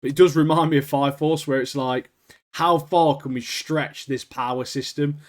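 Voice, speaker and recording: A man chats casually on an anime podcast, his voice sitting at an ordinary middle pitch. He rambles loosely, peppering his talk with fillers and easy laughter. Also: steady tone, normal speed. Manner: rambling, laughs often, lots of "like" and "mate". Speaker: podcast co-host.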